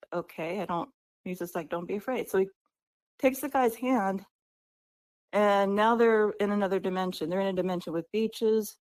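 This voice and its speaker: Woman author guest, chatty storyteller, mid-pitched voice. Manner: animated storyteller, acts out characters' lines; conversational, often asks "right?". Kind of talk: interview, retelling her book's story.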